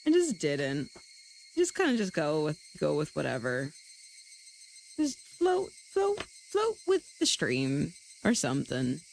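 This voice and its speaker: A woman's voice: low voice, huge pitch swings, a little slow, creaky, darkish tone, slight background noise, low-quality recording. A woman streamer chatting casually with her live audience, rambling and self-deprecating, swearing often. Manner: chats directly to her viewers.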